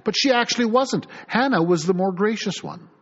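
A man's voice: sits high, moderate pace, husky. A middle-aged man preaching a sermon as pastor, reading scripture aloud and acting out the people in it. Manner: animated preaching, reads scripture aloud, acts out voices. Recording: dull lo-fi recording.

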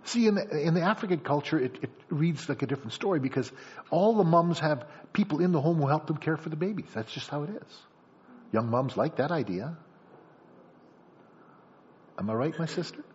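A man's voice: a little high, fairly quick, breathy edge. A man preaching a sermon, acting out a story scene by scene and calling on the congregation. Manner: animated, acts out scenes, addresses congregation. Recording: dull lo-fi sound.

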